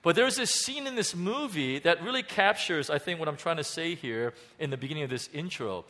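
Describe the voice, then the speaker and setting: A man preaching to his congregation, pitched a little high for a man. He speaks in an animated, halting way, stumbling over restarts and fillers as he builds his points. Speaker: pastor. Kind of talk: sermon.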